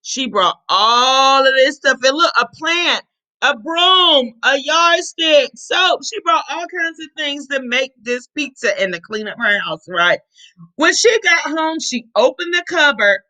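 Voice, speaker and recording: A woman's voice: high voice, expressive, measured pace, pushed and bright, poor audio. A woman teacher reading a picture book aloud to children, explaining words and asking her listeners questions. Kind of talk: animated storybook read-aloud.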